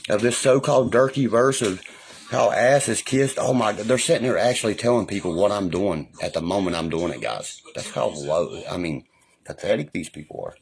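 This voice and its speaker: A man's voice: fairly low pitch, moderate pace, gravelly. A man ranting angrily on a livestream, swearing constantly and taunting his critics. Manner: profane, combative, taunting. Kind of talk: angry livestream rant.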